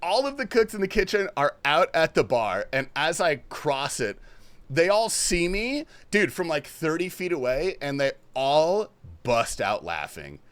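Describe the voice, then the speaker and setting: A young man streaming a game, telling a story in a casual, animated way, swearing and laughing often. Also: a little high, a little slow, no echo. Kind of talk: casual story-telling chat while gaming.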